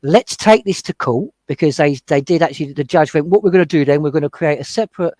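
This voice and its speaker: Man, fast talker, heated retelling, dry sound. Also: a little high, a little mellow, dry recording. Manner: heated, retelling confrontations with quoted exchanges. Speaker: panel guest. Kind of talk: casual chat.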